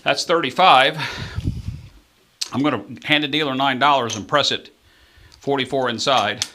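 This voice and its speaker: A man hosting a live craps stream, giving chatty play-by-play of the dice and talking straight to his viewers, jumping up in excitement when the dice land. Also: mid-range voice, moderate pace, slight background noise.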